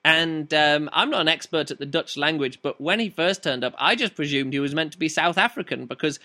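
A man's voice: a little high, lively intonation, a little fast, sharp tone. A man reviewing a book in a casual, rambling chat full of fillers and restarts.

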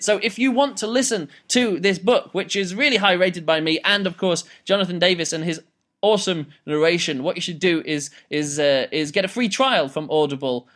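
Podcast guy rambling thru a book review, kinda high voice, lots of ums and restarts. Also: fairly bright tone. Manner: rambling, many fillers and restarts. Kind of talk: casual spoken review.

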